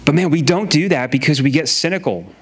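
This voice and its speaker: A man's voice: a little high, expressive, fairly quick, husky. Casual man preaching a sermon. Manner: casual, repeats phrases, many fillers. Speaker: pastor.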